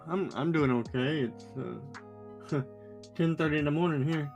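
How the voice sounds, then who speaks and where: Laid-back higher-voiced male guest. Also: normal speed, faint music behind. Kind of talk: casual live-stream chat.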